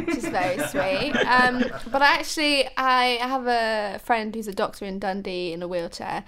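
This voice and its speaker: A woman's voice: on the high side, moderate pace, few pauses. A woman on a podcast panel telling anecdotes in a bubbly, giggly way. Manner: bubbly and giggly, animated when telling stories. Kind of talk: casual chat.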